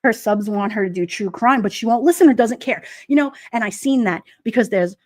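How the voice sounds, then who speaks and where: A woman's voice: a little high, fairly quick, no room sound, clean studio sound. A woman streamer chatting casually on a livestream, reading out comments in a blunt, sassy, gossipy way.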